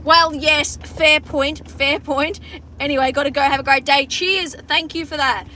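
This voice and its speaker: A woman's voice: high voice, fairly even intonation, a little slow, bright, forceful tone, slight background noise. Sweary Australian woman chatting from a car. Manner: sweary, rambling, chatty with frequent restarts. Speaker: farmer livestreaming to viewers. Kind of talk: casual livestream chat. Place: inside a car driving around a farm. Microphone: phone front camera.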